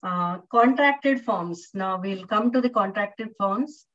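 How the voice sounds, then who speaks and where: A woman lecturer with an Indian English accent leads a live online class, explaining step by step and pausing to ask her students questions. Her voice sits at an ordinary middle pitch. The sound is muffled and seems to come from a distance from the mic. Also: a bit bright. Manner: patient, explains slowly with many fillers and questions to students.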